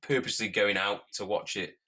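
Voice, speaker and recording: A low-pitched man chatting loosely on a podcast, laughing easily as he talks. His voice is deep with a bright, forceful edge. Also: steady tone, a little fast. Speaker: podcast co-host. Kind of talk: casual chat.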